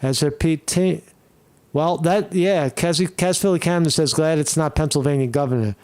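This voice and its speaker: A man's voice: a little high, moderate pace, a little mellow, smooth. A man doing blunt, profane live-stream commentary, rambling and restarting as he reacts to news.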